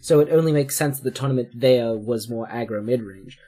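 A man co-hosting a casual podcast, explaining things in a measured, even way. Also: medium pitch, breathy edge. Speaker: podcast co-host.

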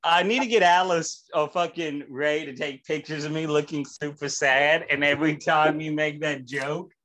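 A man's voice: a little high, steady tone, moderate pace, fairly bright tone. A young man hosting a casual podcast, profane, rambling and exasperated. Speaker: podcast host.

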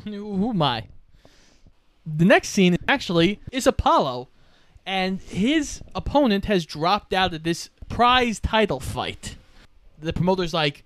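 A man co-hosting a casual movie recap, retelling scenes in a relaxed way with casual swearing. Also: sits high, measured pace, no echo. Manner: relaxed storytelling, quotes characters, casual swearing. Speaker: podcast co-host.

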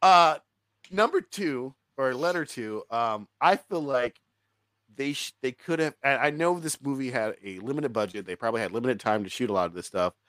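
Animated, profane man reviewing a film. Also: mid-range voice, normal speed, dry recording. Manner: animated, profane, laughs often. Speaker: podcast co-host reviewing a film. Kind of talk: casual film review chat.

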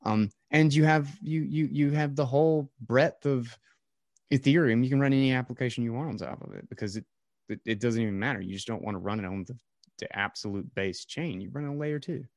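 A man's voice: medium pitch, a little fast, a little mellow, no room sound, clean studio sound. A man hosting a casual podcast chat, rambling with many fillers and restarts.

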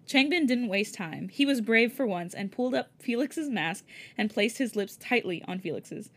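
A podcast co-host reads a fan story aloud in a casual way. Her voice sits a little high, and she often dissolves into giggles mid-sentence before carrying on with the story. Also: lively intonation, moderate pace. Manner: giggly, breaks into laughter while reading. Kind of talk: casual reading with giggling asides.

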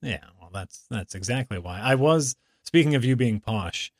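A man co-hosting a podcast, chatting in a loose, hesitant way with frequent restarts. His pitch sits in the middle of the usual range. The recording is close and dry, with no room sound. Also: animated, normal speed, no room sound. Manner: chatty, hesitant, laughs easily. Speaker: podcast co-host. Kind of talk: casual chat.

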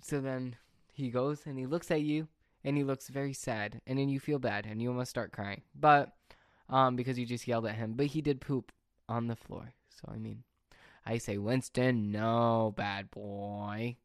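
A young man casually telling a rambling, animated story on a podcast. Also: medium pitch, normal speed, dry recording, studio quality. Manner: rambling, animated anecdote with fillers and asides. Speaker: podcast speaker.

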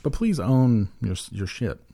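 A man's voice: mid-range voice, very animated, normal speed, vocal fry, mellow. A man co-hosting a casual chat who jokes around and often trails off mid-thought. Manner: joking, trails off, does bits.

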